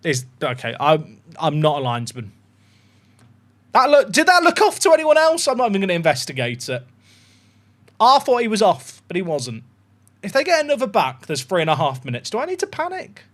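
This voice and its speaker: A young man streaming a football management game, talking straight to his chat. His slightly high voice swings wildly up and down as he reacts, and he swears casually between bursts of excitement. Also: normal speed. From England. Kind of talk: live gaming commentary.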